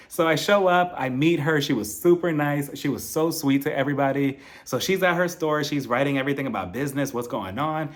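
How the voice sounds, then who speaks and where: A man's voice: fairly high pitch, a little fast, few pauses. A man giving sassy, gossipy commentary while reviewing a reality TV show. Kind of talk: casual video commentary.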